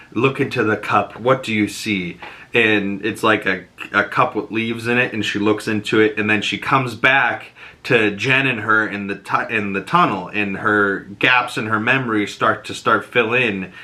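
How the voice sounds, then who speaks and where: Bright-voiced man recapping a TV episode. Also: fairly low pitch, normal speed, hardly any pauses. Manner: animated, acts out character lines in voices, laughs often. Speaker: host.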